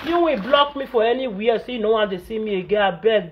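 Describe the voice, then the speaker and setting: A woman's voice: mid-range voice, brisk, background noise. A Nigerian woman vlogger, venting in Pidgin English and scolding repetitively in an indignant tone. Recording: dull lo-fi audio.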